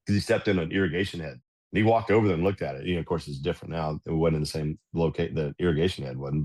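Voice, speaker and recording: Man, middle-aged, very low voice, casual anecdotal storytelling, podcast guest. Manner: animated anecdotal telling with fillers. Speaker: guest, golf club director.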